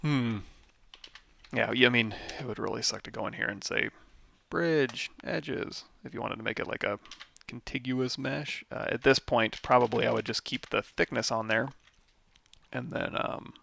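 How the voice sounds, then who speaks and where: Tired, gravelly man with heavy fry. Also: mid-range voice, normal speed, pushed and bright. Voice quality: vocal fry. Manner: rambling, thinks aloud while clicking through menus. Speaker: 3D modeling instructor. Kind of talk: live software tutorial.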